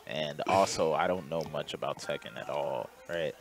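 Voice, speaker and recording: A man co-hosting a podcast in relaxed chat, laid-back and constantly saying "like". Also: rumbling low, normal speed, creaky, a little hiss or hum. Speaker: podcast co-host.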